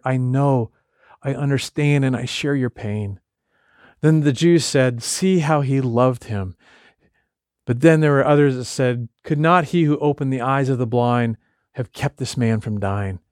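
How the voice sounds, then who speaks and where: Guy pastor giving a chatty sermon, kinda high voice, dry sound. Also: a little mellow, no echo. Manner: conversational preaching, retells scripture with voiced quotes.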